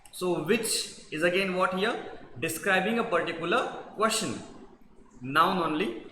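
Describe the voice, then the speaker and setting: A man's voice: high voice, bright, forceful tone. A man teaching a grammar revision lesson, explaining patiently and repetitively and checking in with the class. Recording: echoey room with long reverb and faint noise.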